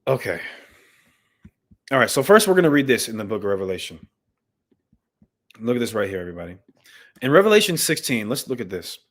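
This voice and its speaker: A man's voice: medium pitch, very animated, fairly quick, long pauses, fairly bright tone. A man hosting a live stream, reading news and scripture aloud and commenting on it with passion, talking straight to his viewers. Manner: impassioned, talks straight to viewers, reads texts aloud. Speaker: livestream host and Bible commentator.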